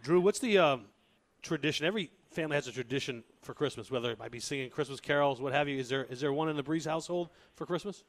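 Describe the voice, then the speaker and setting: A man hosting sports radio, asking questions and reading sponsor tags briskly. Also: medium pitch. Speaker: radio host.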